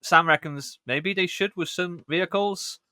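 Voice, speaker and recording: A man with a bright, somewhat high voice jokes around in a loose podcast chat. He laughs often and drifts into crude gags. The sound is dry and close. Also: measured pace, smooth, dry recording. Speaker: podcast co-host. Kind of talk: casual chat.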